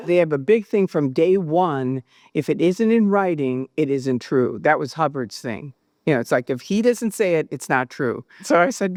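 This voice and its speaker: Animated woman telling her own story. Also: lowish voice, moderate pace, no echo. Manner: animated, acts out quoted dialogue. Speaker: guest recounting her experiences. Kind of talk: personal storytelling.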